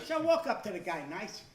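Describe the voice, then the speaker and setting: Older new stand-up guy, shouts the punchlines, distant mic in a roomy club. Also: high voice, very animated, normal speed, crowd noise. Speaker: stand-up comedian. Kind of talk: stand-up routine. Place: club stage before a live audience. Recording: echoey room, far from the mic.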